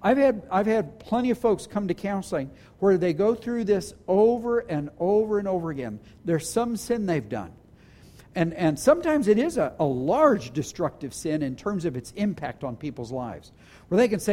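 A pastor delivering a sermon in a church hall, his voice pitched high and swinging widely in melody. The tone stays mellow and warm despite the height. He speaks earnestly, stumbling over restarts and slowing right down on the words he wants to land. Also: big pitch swings. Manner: earnest, with restarts and slowed emphasis.

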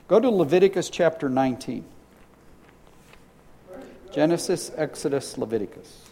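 A middle-aged male pastor preaching in an earnest, conversational way, with a voice that sits high for a man. He reads scripture aloud, restarts phrases and repeats words as he builds his points. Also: animated, moderate pace, creaky, warm tone, a little hiss or hum. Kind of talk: sermon.

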